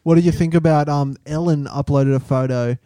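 A man's voice: on the high side, steady tone, a little fast, mellow, clean tone, no echo. A man co-hosting a podcast, teasing his co-host in laid-back banter. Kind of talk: casual chat.

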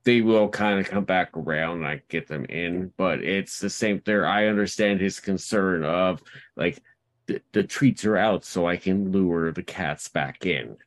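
A man's voice: low-pitched, measured pace. A man co-hosting a podcast, telling rambling anecdotes full of restarts in casual chat. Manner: rambling storyteller, lots of restarts. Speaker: podcast co-host.

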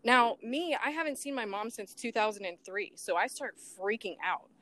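A woman telling an interviewer about her missing mother, animated and emotional, acting out the voices from phone calls and laughing nervously at times. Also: on the high side, moderate pace. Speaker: guest, daughter of a missing woman. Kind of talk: emotional personal account in an interview.

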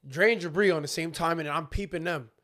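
Fast-talking young man spinning a story. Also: a little high. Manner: animated, acts out friends' voices, slangy. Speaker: podcast co-host. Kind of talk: casual storytelling chat.

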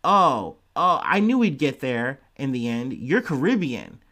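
A man's voice: mid-range voice, sing-song, a little slow, pushed and bright, full character voice. Man voicing pushy old aristocratic lady, condescending, dismissive. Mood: prying. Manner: insistent, dismissive questioning. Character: elderly upper-class woman, prying and condescending.

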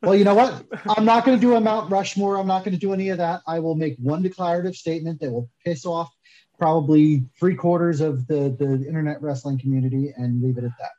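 A man talks as a podcast guest over slightly muffled, lo-fi audio. His voice sits a bit high but sounds mellow and dark in tone. He comes across opinionated and self-deprecating, and he gets animated when he argues. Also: fast talker. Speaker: guest soap maker. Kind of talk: casual podcast interview.

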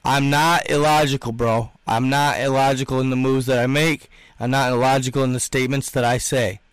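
A man's voice: medium pitch, little pitch movement, a little fast, clean tone, no echo. A young man hosting a livestream, chatting and reading out comments in an emphatic, slangy way, repeating himself often. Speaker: livestream host.

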